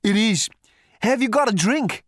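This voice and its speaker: A man voicing a boastful male thunder god, speaking loudly and with self-satisfaction. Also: sits high, lively intonation, measured pace, dry recording, studio quality, voice pushed up. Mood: brusque. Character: Thor, booming male thunder god, smug.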